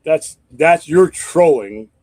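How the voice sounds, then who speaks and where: A man's voice: a little high, lively intonation, slow pace, a little mellow, no room sound. A man hosting a casual live-stream chat, rambling and swearing freely as he thinks aloud with restarts. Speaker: host.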